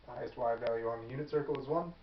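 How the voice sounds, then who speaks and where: A man teaching a math lesson in a relaxed, off-the-cuff way, thinking aloud and correcting himself as he goes. He sounds set back from the mic, and his voice carries an echo of the room around him. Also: medium pitch, very fast, a little hiss or hum. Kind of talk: whiteboard lecture. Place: classroom. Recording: echoey classroom, far from the mic, dull.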